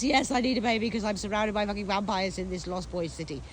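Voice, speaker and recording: Briskly and at medium pitch, an Englishwoman tells her own life story in a casual monologue, with slight background noise behind her. Her manner is theatrical and sardonic: she swears, imitates voices, breaks into song and mocks herself.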